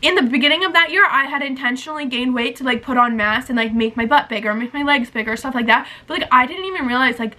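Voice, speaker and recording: A young woman in her twenties vlogs in a high-pitched, bright, forceful voice, talking fast with few pauses. Her casual confessional chat rambles emotionally and leans hard on "like." The recording is low quality.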